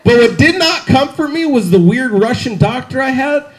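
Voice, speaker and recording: Very high-pitched and animated, this man speaks at normal speed. He's a comedian in his 20s doing a stand-up set outside in the rain, holding a handheld stage mic and landing wry, self-deprecating punchlines.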